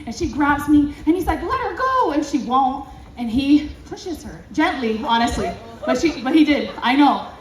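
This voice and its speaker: High-voiced woman telling a lively story. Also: normal speed, distant mic. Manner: animated, acts out dialogue, laughs often. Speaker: vlogger. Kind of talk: casual storytelling to camera. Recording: roomy echo, away from the mic.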